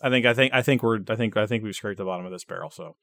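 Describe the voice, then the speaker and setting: A man's voice: fairly low pitch, very fast, creaky, a bit bright, no room sound. A man co-hosting a podcast in casual chat, wry and bantering. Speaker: podcast co-host.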